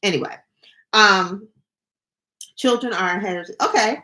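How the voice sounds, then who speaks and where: A woman's voice: fairly low pitch, a little slow, pauses often. A young woman hosting a livestream, reading dictionary entries aloud and breaking in with jokey, playful asides. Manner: animated, jokey asides between read definitions.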